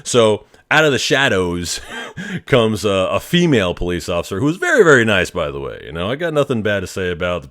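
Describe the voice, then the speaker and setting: With a lowish voice and a brisk pace, this man hosting a podcast spins a long, casual personal story. He's animated and profane, peppering it with curses and chuckles.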